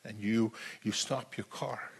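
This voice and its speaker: A man preaching a sermon in a slow, emphatic way, repeating phrases as he builds his point. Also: on the low side, fairly even intonation, vocal fry, slightly rough.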